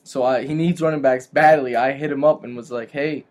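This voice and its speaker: A man with a mid-range, steady voice talks fairly quickly. Co-hosting a fantasy football podcast, he argues his point earnestly and backs it with stats in a casual sports chat.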